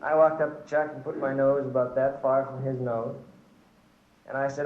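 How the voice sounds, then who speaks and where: A man's voice: mid-range voice, little pitch movement, normal speed. A man giving an earnest sermon full of stories, testifying and addressing his listeners as brothers and sisters. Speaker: church speaker. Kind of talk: sermon with storytelling. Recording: echoey hall, dull lo-fi recording.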